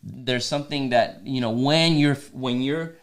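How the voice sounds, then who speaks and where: Speaking at a measured pace in a mid-range voice, the male co-host of a faith-based marriage podcast stays earnest and casual. He restarts often and slips in teasing asides.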